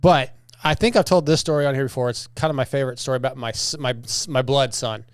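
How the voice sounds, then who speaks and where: A man's voice: mid-range voice, fast, clear, resonant tone, no echo, studio quality. A man in his forties hosting a podcast, chatting casually and telling family stories with a laugh, acting out the voices of people he quotes. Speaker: podcast host.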